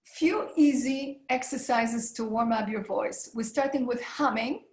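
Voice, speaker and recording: A woman presenting a live webinar on a video call, guiding listeners through breathing and voice warm-up exercises in an encouraging way. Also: a little high, measured pace, roomy sound, low-quality recording. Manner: encouraging, leads breathing and vocal warm-ups.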